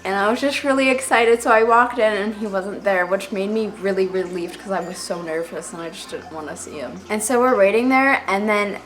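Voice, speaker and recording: A woman's voice: medium pitch, a little fast, hardly any pauses, a bit bright. A teenage girl telling stories to camera in a casual, rambling way, full of filler words and self-deprecating asides. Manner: chatty, rambling, heavy on "like" fillers. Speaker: vlogger.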